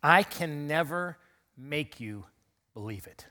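In a church sanctuary, a man pastor preaches on Easter after a recent illness, speaking conversationally and drawing the congregation into call-and-response. His voice is a little high, bright and forceful, with lively intonation and a slow pace.

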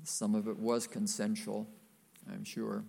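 A man's voice: fairly low pitch, level tone, unhurried, vocal fry, mellow. An older man preaching a sermon, folksy and emphatic, with playful asides to the congregation.

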